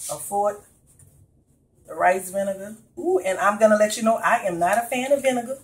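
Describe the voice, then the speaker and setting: A woman's voice: medium pitch, moderate pace, poor audio. New orleans lady cooking at home, chatty, talks right to y'all. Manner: chatty, addresses viewers directly as "y'all". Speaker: cooking vlogger. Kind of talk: casual cooking video. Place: home kitchen.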